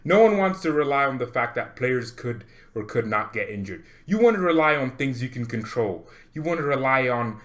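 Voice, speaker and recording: A man hosting a football fan channel, ranting excitedly to camera with jokes, laughs and repeated words for emphasis. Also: medium pitch, moderate pace, few pauses. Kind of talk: animated fan rant to camera.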